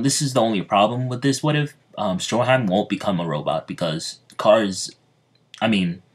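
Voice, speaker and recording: A young man casually retelling a story, hesitant, with many ums and restarts. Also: low-pitched. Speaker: fan video creator.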